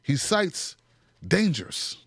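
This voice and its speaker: A man's voice: a little high, big pitch swings, very slow, gravelly, fairly bright tone, slightly rough, no echo, studio quality. A man hosting a political commentary show, talking in a punchy, sarcastic way with mocking asides.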